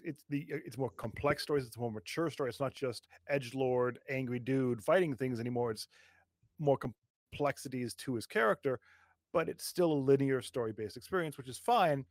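A man's voice: mid-range voice, a little mellow, no echo. A man with a mid-range voice chats earnestly about video games on a podcast, working his ideas out aloud with small fillers. The sound is close and dry, with no room in it. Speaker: podcast co-host. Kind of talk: casual gaming discussion.

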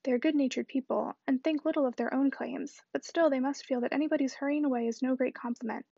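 A woman reading the lines of an earnest, persuasive middle-aged gentleman. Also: high voice, vocal fry, slightly rough, no echo, muffled recording, full character voice.

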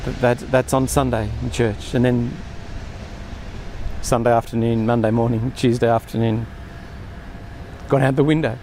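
A man's voice: mid-range voice, little pitch movement, normal speed, pauses often, mellow, a little hiss or hum. A man preaching a sermon in an earnest way, often acting out quoted speech with more emphasis.

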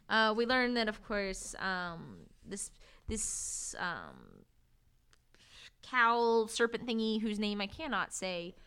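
A woman's voice: mid-range voice, big pitch swings, slow, sharp tone, smooth. A woman co-hosting a casual book discussion, chatty and retelling scenes with quoted voices. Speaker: podcast co-host.

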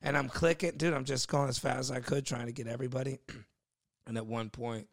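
A man's voice: medium pitch, fairly even intonation, brisk, gravelly. A young man, a podcast guest, telling a work story in casual chat, laughing often and acting out the other people's voices.

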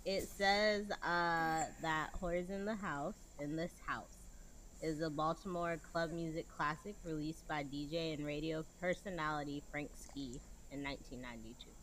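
Low, bright-toned dry woman. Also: steady tone, normal speed, rough recording. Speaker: podcast co-host. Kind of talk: casual chat.

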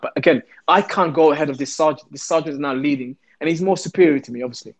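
Ex-cop guy telling a story, animated, does the voices, voice sits a bit high. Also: quick pace. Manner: animated, acts out the quoted voices. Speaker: former police officer. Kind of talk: storytelling in an interview.

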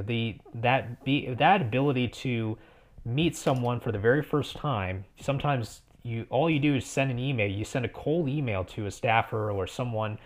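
A young man in his twenties speaks as a podcast guest, in a middle-pitched voice. He is earnest and encouraging, and he often stumbles and restarts his sentences as he thinks aloud. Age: 20s. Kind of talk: conversational podcast interview.

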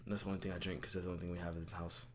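A man's voice: low voice, little pitch movement, racing, noisy background. A young man co-hosting a casual chat show, talking in a playful, rambling way with bursts of mock indignation. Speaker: podcast co-host.

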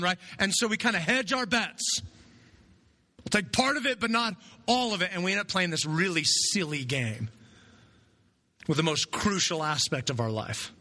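A man preaching a sermon in a conversational way, often checking in with his listeners with a quick "right?". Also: high voice, expressive, bright, forceful tone. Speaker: pastor.

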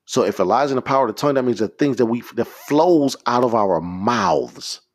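A man's voice: medium pitch, animated, fairly quick. A man preaching a podcast sermon, leading prayers in a fervent, repetitive, exhorting way.

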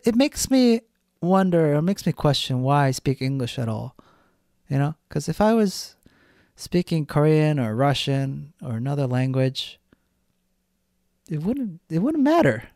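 A man's voice: on the high side, vocal fry, a little mellow, no echo, clean studio sound. A man hosting a solo podcast, talking bluntly and ranting with frequent swearing. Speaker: podcast host.

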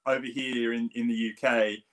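A man's voice: mid-range voice, little pitch movement, normal speed, fairly bright tone. A middle-aged man with a strong Australian accent, a swim coach chatting as a guest, rambling with many restarts. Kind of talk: casual interview chat.

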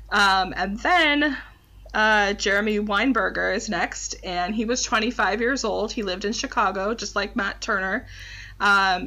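Bright-voiced woman reading case notes. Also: medium pitch, highs cut off. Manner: laughs between points, fillers like um. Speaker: podcast co-host.

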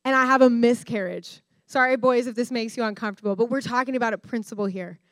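A young adult woman giving a candid, animated personal-story sermon to students as a guest speaker. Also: on the high side, fast talker, dry recording. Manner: candid, animated storyteller who addresses the room directly. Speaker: guest speaker at a discipleship school.

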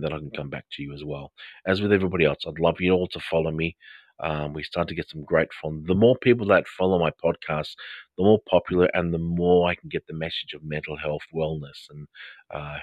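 A man's voice: low voice, dry recording. An Australian man hosting a live podcast, chatting straight to his listeners. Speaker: podcast host and counsellor.

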